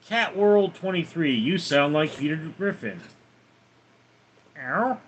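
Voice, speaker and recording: Speaking slowly with lively intonation, a man with a slightly high voice hosts a casual live stream from home alongside his cats. He reads viewers' comments aloud and responds offhandedly.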